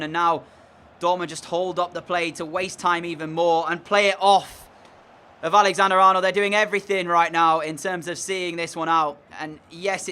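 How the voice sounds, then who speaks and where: A man's voice: fairly high pitch, sharp tone, slight background noise. A man giving casual commentary over his own football video game, frustrated and groaning at mistakes. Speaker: gaming commentator.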